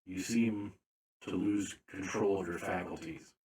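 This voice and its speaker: A man narrating a tabletop game as game master, slow and deliberate with frequent fillers. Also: deep voice, steady tone, darkish tone, echoey room, a little hiss or hum.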